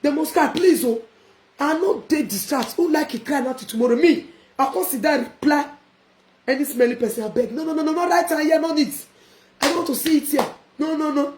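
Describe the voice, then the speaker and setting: Her voice is high, her accent Nigerian Pidgin, and she's a vlogger ranting defiantly in a casual live video, laughing and shouting along the way. She speaks at normal speed with frequent pauses, her voice echoing in the room over slight background noise.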